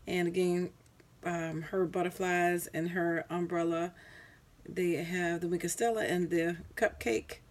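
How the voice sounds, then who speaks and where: Her voice sits on the low side, delivered flatly and a little slowly. Recorded at home through a camera mic, this craft vlogger rambles casually through her crafts, tired and full of ums as she corrects herself.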